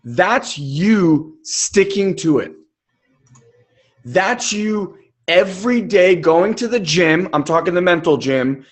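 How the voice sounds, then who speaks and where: A man coaching in a live webinar, speaking emphatically and casually, with occasional swearing. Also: sits high. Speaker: life coach.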